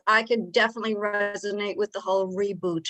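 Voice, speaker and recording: A woman in her forties leads an interview over a video call, her voice sitting at an ordinary pitch for a woman. She asks her questions in a bright, friendly way and keeps the conversation moving. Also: fairly even intonation, a little fast, low-quality recording. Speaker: interview moderator.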